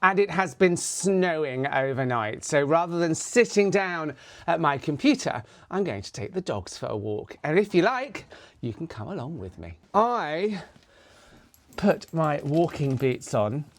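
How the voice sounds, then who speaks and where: Vlogger, casual and chatty, lively swooping pitch, high playful dog-talk. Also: measured pace. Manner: chatty, breaks into high sing-song baby talk with the dogs. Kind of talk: casual vlog narration. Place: a house and snowy fields outdoors.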